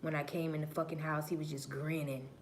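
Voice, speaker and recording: Talking straight to her livestream audience, a woman spins a preachy, profanity-laced story, dropping to low murmurs and then erupting into loud, emphatic outbursts. Her pitch barely moves, she talks a little fast, and a faint hiss or hum runs underneath.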